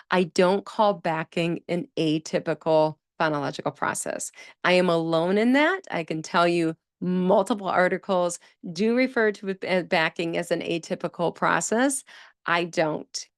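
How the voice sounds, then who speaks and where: This solo educational podcast features a speech-language pathologist whose lowish voice comes through in studio quality with no echo. Her speech therapy explanations are conversational and emphatic.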